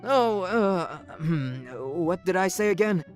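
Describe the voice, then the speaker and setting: Actor doing a flustered cheating husband, stammering, hesitant, wide-ranging pitch, faint music behind. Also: animated, slow pace.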